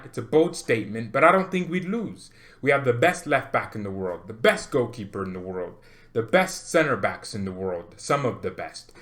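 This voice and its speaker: Male fan-channel host, mid-pitched, animated and jokey, hammers his points home by repeating them. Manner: excitable, jokey, laughs often, repeats for emphasis. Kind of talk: animated fan rant to camera.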